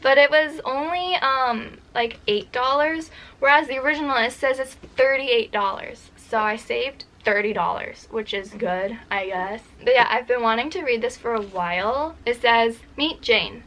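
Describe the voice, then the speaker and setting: Young woman in her 20s, slightly high voice, casual book-vlog chatter, stumbles when reading aloud. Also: a little slow, hardly any pauses, a bit bright, poor audio. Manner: chatty, self-deprecating, stumbles over words while reading aloud. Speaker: book vlogger.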